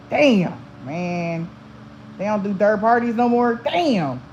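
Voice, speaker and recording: A woman's voice: mid-range voice, takes it slowly, a little mellow, lo-fi sound, slight background noise. Blunt, laughing woman chatting to viewers. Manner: blunt, profane, laughs often. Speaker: spiritual channel host. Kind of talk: casual chat to viewers.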